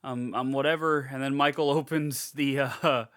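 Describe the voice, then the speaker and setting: A man's voice: medium pitch, normal speed. A man co-hosting a podcast, chatting casually about a horror movie, swearing freely and acting out scenes in voices. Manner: animated, swearing, acts out scenes in funny voices. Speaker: podcast co-host. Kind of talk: casual movie review chat.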